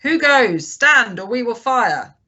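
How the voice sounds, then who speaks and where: Curt commanding ship captain played by a woman reader, storybook read-aloud, bright and sharp. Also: medium pitch, big pitch swings, moderate pace, dull audio. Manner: clipped, commanding. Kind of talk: audiobook character reading.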